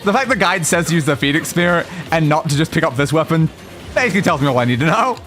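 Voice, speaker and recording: A man's voice: on the high side, expressive, fast, a bit bright, faint music behind. A man streaming a video game, chatting casually and chanting playful sing-song nonsense while he plays. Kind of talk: casual gameplay commentary.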